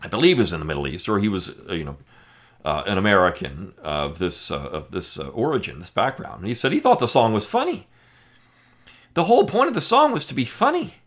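Sarcastic low-voiced man hosting a podcast. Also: big pitch swings, brisk, fairly bright tone. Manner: emphatic, sarcastic, with frequent fillers. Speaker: podcast host. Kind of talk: opinion commentary monologue.

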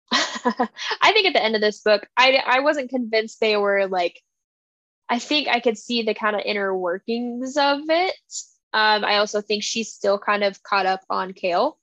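A woman co-hosting a casual book podcast, retelling scenes in an animated way and quoting characters. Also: on the high side, a little slow, no echo, highs cut off. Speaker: podcast co-host.

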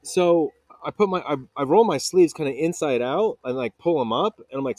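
A man's voice: a little high, animated, normal speed, hardly any pauses, darkish tone, no echo. A man in his thirties hosting a podcast, telling a personal story casually, stumbling over repeated words and fillers. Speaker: podcast host.

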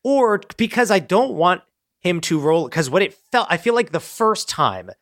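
Profane, animated man with a dry voice. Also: high voice, normal speed, no room sound. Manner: animated, profane, acts out characters' lines. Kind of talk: casual brainstorming chat.

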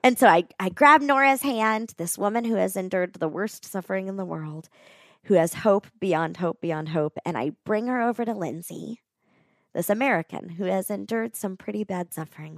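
A woman's voice: fairly low pitch, creaky, no room sound, studio quality. A woman telling a personal story in an earnest, conversational way, often saying "like.". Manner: earnest, animated, often says "like".

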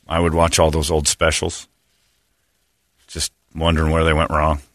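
A man's voice: very deep voice, monotone, moderate pace, no room sound. A man hosting a radio morning show, telling darkly funny stories in sardonic, casual studio banter. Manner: sardonic storyteller with dark humor.

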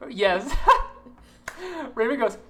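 A woman's voice: fairly high pitch, very slow, slight background noise. Woman retelling scenes with laughs. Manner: animated retelling, laughs, restarts and fillers. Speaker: podcast co-host. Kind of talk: casual chat recapping a TV episode.

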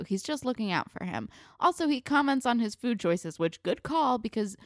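A woman's voice: fairly high pitch, animated, moderate pace, dry recording, studio quality. A woman co-hosting a casual chat, opinionated and swearing freely as she recaps an episode. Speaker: podcast co-host.

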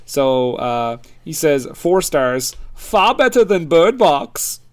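A man's voice: fairly high pitch, big pitch swings, takes it slowly. A man co-hosting a casual podcast, joking and reading out movie reviews. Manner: jokey, laughs at his own quips. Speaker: podcast co-host.

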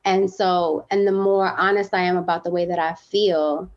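A woman's voice: fairly low pitch, steady tone, normal speed, lo-fi sound. A woman guest on a podcast, talking candidly and with feeling, with lots of fillers. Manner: heartfelt, emphatic, many fillers.

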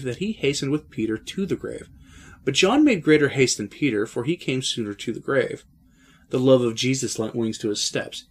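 A man preaching a Catholic-style sermon in a solemn, measured oratorical manner, full of rhetorical questions and addresses to his listeners. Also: medium pitch.

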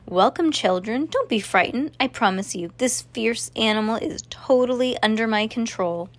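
A woman's voice: on the high side, normal speed, close to an everyday voice. A woman doing a pompous old lion tamer. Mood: hushed reassuring.

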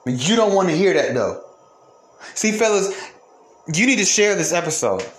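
High-voiced man ranting angrily, roomy echo. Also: big pitch swings, normal speed, fairly bright tone. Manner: angry, profane, repeats for emphasis. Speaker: podcast host. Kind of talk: heated ranting monologue.

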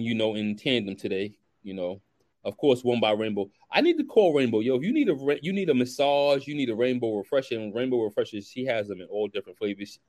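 A man, hosting a casual chat, telling lively stories in slang and acting out the dialogue. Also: mid-range voice. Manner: animated storyteller who acts out dialogue, slangy. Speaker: podcast host.

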